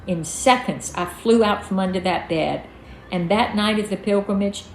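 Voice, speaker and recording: A woman's voice: medium pitch, normal speed, a little hiss or hum. A woman reading her own memoir aloud in a folksy storytelling manner. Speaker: storyteller, author. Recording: echoey room, faint music.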